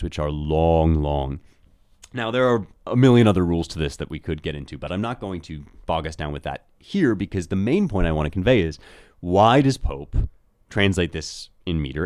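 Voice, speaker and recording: A man's voice: low voice, a little mellow, no echo, studio quality. A man giving a thoughtful educational talk on translating poetry, often restarting his phrasing. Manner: thoughtful, with frequent restarts and rhythmic demonstrations. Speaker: host.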